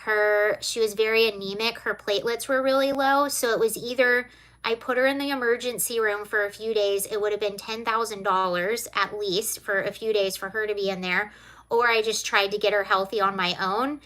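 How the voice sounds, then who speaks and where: A woman's voice: mid-range voice, fairly even intonation, moderate pace, a bit bright. A woman hosting a casual livestream, talking to viewers and tearing up as she speaks. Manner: emotional, tearful, talking to viewers. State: tearful. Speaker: livestream host.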